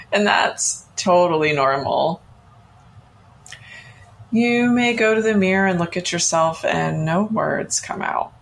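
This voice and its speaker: Middle-aged woman, podcast host, gentle encouraging coach, slow unhurried delivery, low voice. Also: a little hiss or hum. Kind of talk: guided self-love exercise.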